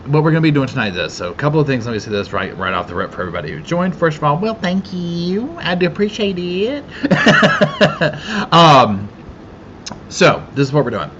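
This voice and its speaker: A man's voice: mid-range voice, fairly bright tone, highs cut off, a little hiss or hum. A man from the Carolinas with a Southern accent, hosting a casual live chat, greeting viewers by name and laughing often. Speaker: livestream host.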